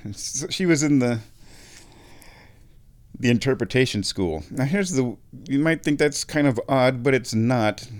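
A man's voice: fairly low pitch, smooth. A middle-aged man telling rambling personal stories in a chatty, self-mocking way, laughing at his own jokes.

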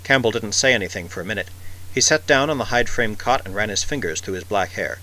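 Male narrator, scripted audiobook reading, measured and vivid, bright tone. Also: fairly low pitch, animated, poor audio.

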